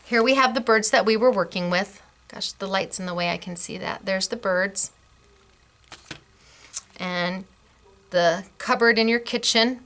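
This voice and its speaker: A middle-aged woman hosting a craft class, chatting warmly and gushing over samples, laughing often. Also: medium pitch, a little slow, pauses often, slight background noise. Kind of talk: casual product demo.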